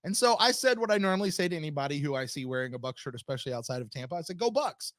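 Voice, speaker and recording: A man's voice: a little high, very fast, no echo, clean studio sound. A man hosting a sports fan podcast in casual chat, telling stories and acting out the voices in them. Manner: animated storyteller, acts out voices in anecdotes. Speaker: podcast host.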